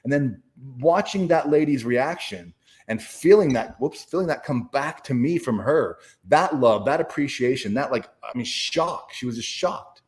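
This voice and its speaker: A man's voice: mid-range voice, animated, moderate pace. A man talking as a guest in an interview, telling a personal story in a casual, profane, emphatic way with many restarts. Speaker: guest speaker and author.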